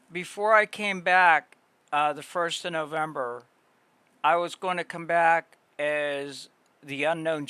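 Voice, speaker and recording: A man's voice: fairly high pitch, sharp tone, smooth, dry recording. A man live-streaming, chatting casually with his viewers in a rambling way, full of fillers and restarts. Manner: rambling, filler-heavy, talks to chat.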